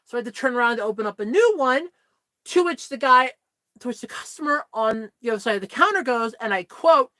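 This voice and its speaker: A young woman vlogging, telling a story in casual chat in an animated, exasperated way. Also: on the high side, fairly quick, dry recording.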